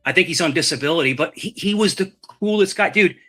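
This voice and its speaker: A man telling a long rambling story in casual chat, animated and swearing, repeating his words. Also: on the high side, fast, soft background music.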